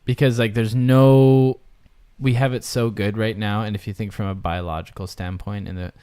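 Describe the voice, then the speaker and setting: A man's voice: on the low side, steady tone, normal speed, warm tone, smooth, no echo. A man co-hosting a podcast, chatting casually and rambling, with many fillers and restarts. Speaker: podcast co-host. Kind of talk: casual chat.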